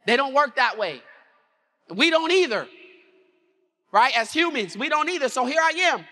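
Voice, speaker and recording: A man's voice: extremely high pitch, moderate pace. A man giving a motivational keynote to a conference audience, telling a story and acting out its scenes while asking the audience questions. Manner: animated, acts out scenes, asks the audience questions. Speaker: keynote speaker. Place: conference hall before an audience.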